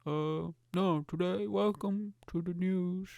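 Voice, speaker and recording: A man doing a comic impression of a pompous, slow-talking male TV news anchor with drawn-out, overly formal announcing. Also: high voice, fairly even intonation, creaky, dark tone, no room sound, pitched above the performer's own voice, full character voice.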